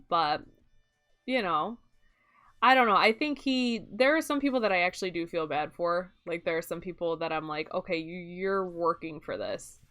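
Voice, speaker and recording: A young woman with a Midwestern lilt talks casually through a game stream. Her voice is smooth and clean, and she wanders from thought to thought with frequent laughs. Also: mid-range voice, a bit bright. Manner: chatty and rambling, often laughing. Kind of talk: casual chat while streaming gameplay.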